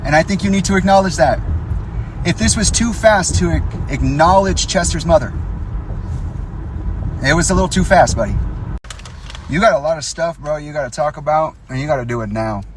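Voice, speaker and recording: A man's voice: a little high, expressive, normal speed, long pauses, background noise. A young man in an angry, profane direct-to-camera rant, confronting and accusing the people he addresses. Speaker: vlogger.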